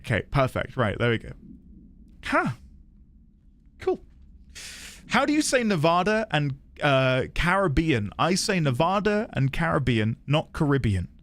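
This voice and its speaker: A man's voice: a little high, big pitch swings, measured pace, long pauses, fairly bright tone. A man giving casual live-stream commentary, chatting with viewers while he plays and thinks aloud. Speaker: streamer playing a video game.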